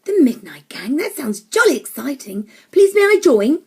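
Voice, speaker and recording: A woman reading an audiobook, voicing an excitable, cheerful old lady in a bright, eager manner. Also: high-pitched, normal speed, voice pushed up.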